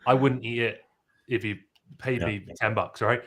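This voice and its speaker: A man's voice: mid-range voice, steady tone, moderate pace, a bit bright. British guy in his twenties, bit of an aussie twang, casual chat, laughs a lot. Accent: British with an Australian twang. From United Kingdom. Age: 20s. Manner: chatty, laughing, many restarts. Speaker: guest.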